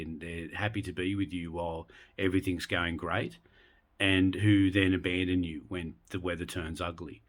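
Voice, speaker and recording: A man teaching a relaxed, unscripted lesson on a poem, full of ums and restarts. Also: sits low. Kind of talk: casual spoken lesson.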